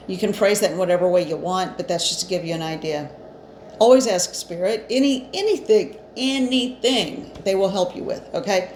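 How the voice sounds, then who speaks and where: In an echoey room with faint background noise, a psychic reader does a casual spiritual card reading. Her medium-pitched voice is a little mellow and moves at normal speed. She chats reassuringly, with fillers, restarts and slight breathlessness.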